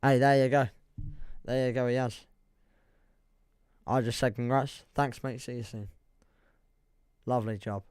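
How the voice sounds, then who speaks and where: A man's voice: mid-range voice, fairly even intonation, a little slow, pauses often, darkish tone, clear, resonant tone, no echo, studio quality. A young man with an English accent chatting casually on a football livestream, rambling and laughing as he reads the chat. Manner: rambling, self-deprecating, reads chat aloud, laughs often.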